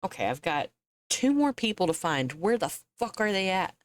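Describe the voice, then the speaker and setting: A young woman streams a game and chats casually, talking both to her chat and to herself and laughing often as she plays. Her medium-pitched voice swings widely in pitch at a moderate pace.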